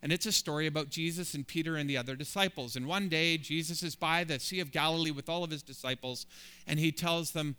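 A man's voice: a little high, quick pace, bright, forceful tone, clear, resonant tone. A man preaching a sermon as a pastor, building emphatic, rising lists of phrases.

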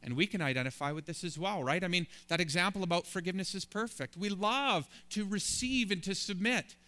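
A man's voice: sits high, fairly quick, sharp tone, smooth. A man preaching a sermon as a pastor, building emphatic, rising lists of phrases.

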